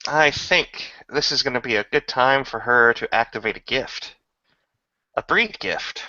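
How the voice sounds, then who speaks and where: A man playing a tabletop game, describing his character's actions in a casual, halting way with lots of fillers. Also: mid-range voice, pushed and bright, no echo, muffled recording. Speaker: tabletop player.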